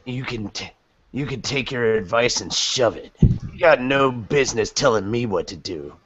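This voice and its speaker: A man voicing a brash young thug in a live fan reading, rough-spoken and defiant. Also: mid-range voice, lively intonation, moderate pace, fairly bright tone. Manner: rough, defiant, then somber. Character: gruff brash young male dragon-slaying thug. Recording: dull dry podcast audio.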